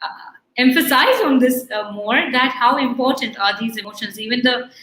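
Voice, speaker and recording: Earnest woman speaker, bright voice. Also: a little high, lively intonation, roomy sound, low-quality recording. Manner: earnest, halting with many fillers and restarts. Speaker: guest speaker. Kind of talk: live online talk answering questions. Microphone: online video call.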